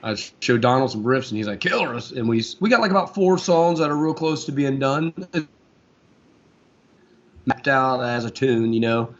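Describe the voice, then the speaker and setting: A man's voice: medium pitch, normal speed. Rambling man with a dull lo-fi sound. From Florida, USA. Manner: relaxed, rambling, lots of fillers. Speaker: guest guitarist. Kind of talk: casual interview chat.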